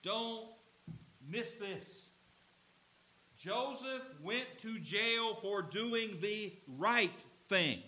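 A man preaching from the pulpit, his voice high, bright and ringing. He speaks slowly and deliberately, with big swings in pitch, and acts out the scenes he describes. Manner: expressive, emphatic, dramatizes scenes. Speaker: pastor. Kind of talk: sermon. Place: church with a slide screen.

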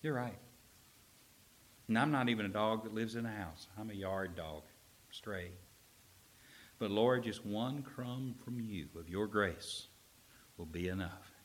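A man's voice: on the low side, unhurried, long pauses, close to an everyday voice. A man voicing a humble pleading mother.

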